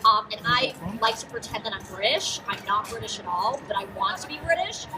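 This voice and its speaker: A woman's voice: medium pitch, lively intonation, brisk, noisy background. A teenage actress answering questions on a live stage. She talks in a bubbly, giggly way with lots of fillers. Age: teens. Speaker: guest actress. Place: auto show stage with a crowd. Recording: distant mic with loud music behind. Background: music.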